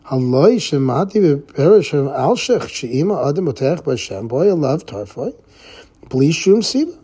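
A man teaching a Torah class, reading a text line by line and translating it into a lively, expressive story, often repeating words. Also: on the high side, measured pace, breathy edge. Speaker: rabbi giving a Torah class.

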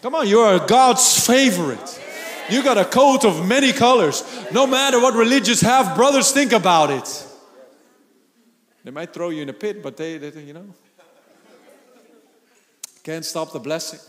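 High-voiced man preaching in a reverberant hall. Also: moderate pace, long pauses, some chatter behind. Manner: animated, laughing and shouting for emphasis. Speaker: pastor. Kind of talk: sermon.

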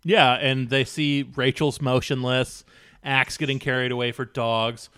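A man's voice: mid-range voice, little pitch movement, measured pace, sharp tone, smooth, no echo. Male podcast co-host, wry and joking, dry close-mic sound. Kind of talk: casual chat.

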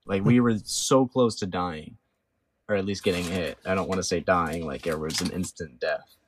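A young man with a fairly low voice co-hosts a podcast in loose, casual chat. He tells stories with animated energy, swears freely, and acts out the lines other people said. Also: moderate pace, slight background noise. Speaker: podcast co-host.

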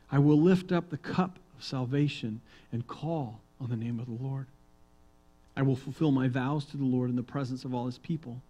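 In a roughly recorded sermon, a male pastor reads psalms aloud, moving between soft, hushed reading and loud, emphatic declarations. His voice is mid-range and his pace moderate.

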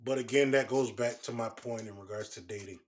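A man's voice: medium pitch, steady tone, fairly quick. A man with a mid-range voice co-hosts a casual conversation and speaks earnestly. He gives relationship advice in a lecturing way. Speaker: co-host. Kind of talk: casual chat.

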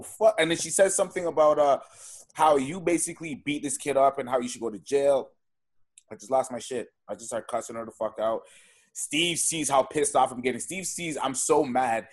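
A man who is a podcast guest, talking in casual chat with a blunt, emphatic delivery and heavy swearing. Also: medium pitch.

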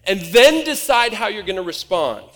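A man from Nebraska preaching a conversational, animated sermon from a church stage. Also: high-pitched, moderate pace. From Nebraska, USA. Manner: conversational and animated, acts out quoted voices. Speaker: pastor. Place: church auditorium. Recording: reverberant hall.

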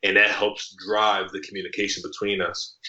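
A man's voice: lowish voice, level tone, moderate pace, sharp tone, roomy sound, lo-fi sound. A man talking as a podcast guest in casual conversation, loose and rambling with many fillers and restarts. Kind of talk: casual interview chat.

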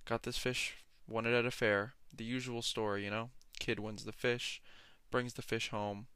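A man's voice: mid-range voice, flat delivery, normal speed, pushed and bright, clean tone, no room sound. A young man hosting a solo podcast, talking in a rambling, jokey, ranting way into a close mic. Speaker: podcast host. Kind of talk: casual solo podcast monologue.

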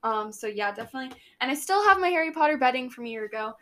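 A woman's voice: high-pitched, expressive, rapid-fire, sharp tone. A young woman co-hosting a podcast, chatting casually and rambling with lots of restarts and giggles. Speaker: podcast co-host. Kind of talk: casual chat.

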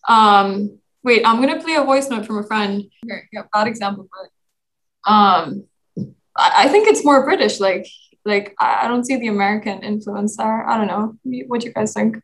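A woman's voice: mid-range voice, normal speed, a bit bright, rough recording. A young woman from Pakistan in a casual group discussion, talking with many fillers and restarts. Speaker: discussion participant.

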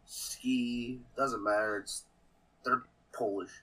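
A man co-hosting a live podcast, throwing in deadpan jokes. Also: mid-range voice, slow, slightly rough, rough recording. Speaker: podcast co-host. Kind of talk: casual live-stream chat.

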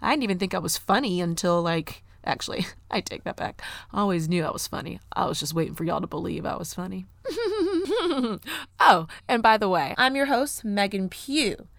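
A woman's voice: lowish voice, vocal fry, fairly bright tone, dry recording. Chatty woman podcast host, dry sound. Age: late 20s. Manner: chatty, playful, self-joking with quick asides. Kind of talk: casual solo podcast monologue. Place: small home studio room over a garage.

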